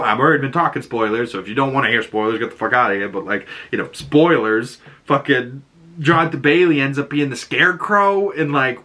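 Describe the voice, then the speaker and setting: Guy reviewing a movie off the cuff, swears a ton, keeps cracking up, kinda bright edgy voice. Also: medium pitch. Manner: profane, rambling, laughs often; animated, shifts into loud exclamations. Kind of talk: casual unscripted film review.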